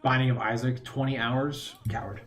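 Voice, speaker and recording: A man's voice: medium pitch, normal speed, slight background noise. Chatty, rambling man streaming a game. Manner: rambling, chatty, mocking asides. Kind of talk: casual gaming stream chat.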